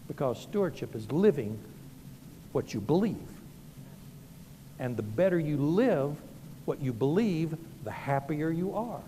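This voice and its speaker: A middle-aged Southern pastor preaches with a mellow, dark voice, telling homely stories that poke fun at himself. His words ring out with a long reverb in a large hall, and faint noise sits under them. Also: high-pitched, expressive, unhurried. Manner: folksy storytelling, self-deprecating. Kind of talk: sermon.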